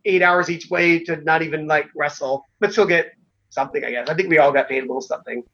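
A man's voice: fairly high pitch, fast, bright, forceful tone. A middle-aged man, a former pro wrestler, telling stories in a casual, rambling way, full of fillers and the odd swear word. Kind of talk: casual storytelling. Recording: dull lo-fi sound.

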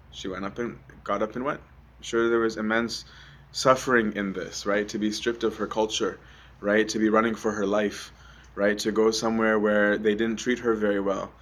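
A young adult man giving a conversational sermon, often asking "right?" with many ums. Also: lowish voice. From Egypt. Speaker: preacher.

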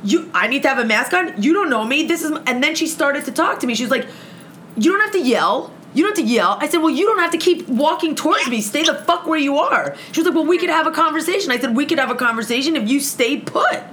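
A guest with a high, bright, forward female voice tells a heated story about a confrontation in casual conversation, talking quickly and animatedly. She swears nonstop and energetically performs both sides of the argument. Faint background noise runs underneath.

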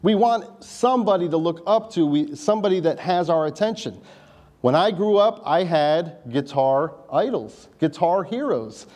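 A man's voice: on the high side, expressive, moderate pace, a little mellow. A man preaching a sermon in a conversational style, with wry asides to the congregation. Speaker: pastor.

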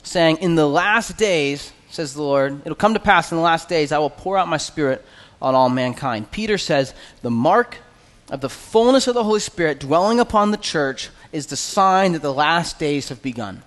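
A man preaching an expository sermon as pastor, earnest and conversational, with quick asides. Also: on the high side, animated, fairly bright tone, long reverb tail.

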